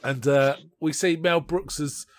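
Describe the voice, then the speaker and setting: Man, podcast co-host, lively scene-recaps with quoted gags, fairly high voice, dry close sound. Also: measured pace, dry recording. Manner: animated retelling, quoting film lines in put-on voices, laughing often. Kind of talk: casual film review chat.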